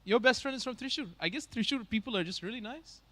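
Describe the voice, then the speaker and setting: A man's voice: extremely high pitch, fast talker, fairly bright tone. A man from Bangalore, hosting a conference with casual joking stage banter and teasing the audience. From Bangalore, India. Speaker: conference host.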